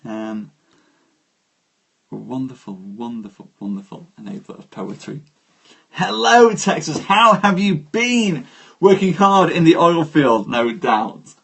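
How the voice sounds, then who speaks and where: A man with a husky, breathy voice hosts a live stream. He reads poetry and chats with his viewers, taking his time and greeting each one by name. His pace stays slow and deliberate. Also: a little high, sing-song, a bit bright.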